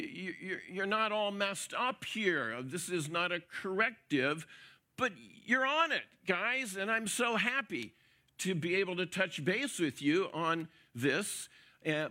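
Male preacher, expository sermon, emphatic repetition, bright tone. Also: high-pitched. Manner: emphatic, repeats words for stress; encouraging, coach-like.

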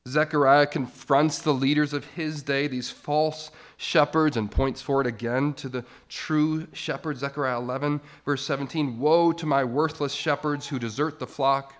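Preaching man, rising to loud emphasis. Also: on the high side, steady tone, moderate pace, hardly any pauses. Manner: builds to loud, emphatic peaks. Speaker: pastor. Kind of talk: sermon.

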